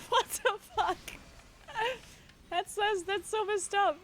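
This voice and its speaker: A woman's voice: very high voice, slow pace, a bit bright, a little hiss or hum. A woman streamer chatting casually on a live stream into a streaming microphone, laughing often and swearing freely as she talks in loose restarts. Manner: giggly, breaks into frequent laughter. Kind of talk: casual livestream chat.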